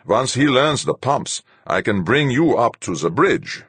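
A stern, humorless ship captain who expects orders obeyed at once, played by a male narrator. He speaks slowly and forcefully, with a raspy, husky grain. The sound is close and dry, like a read-aloud story. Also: medium pitch, sing-song, no room sound, pitched above the performer's own voice, heavily acted.

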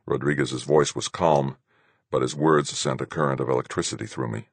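A man with an extremely deep voice narrates a novel in a steady, measured way. His tone has a husky, grainy edge. The recording is close and completely dry, with no room echo. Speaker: audiobook narrator. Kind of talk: first-person novel narration.

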